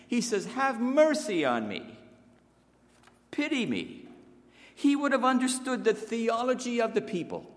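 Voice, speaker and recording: A man preaching a sermon in a church, emphatic, rising to raised exclamations and dropping to hushed low asides. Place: church sanctuary. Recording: long echoing reverb of a church hall.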